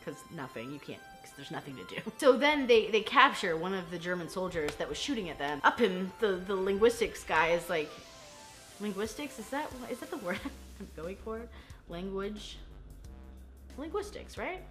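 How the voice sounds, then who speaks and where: Faint music plays beneath this film reaction host as she chats through a casual movie recap at normal speed. Her bright, lively voice swings up and down in pitch, and she giggles, pokes fun at herself, and performs the characters' quotes.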